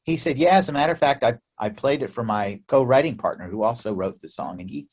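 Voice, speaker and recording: An American man, a musician guest in a remote interview, telling stories in a lively, chatty way with frequent laughs and restarts. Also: medium pitch, quick pace, breathy edge. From United States. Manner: animated storyteller, laughs often, many restarts. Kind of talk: casual interview chat.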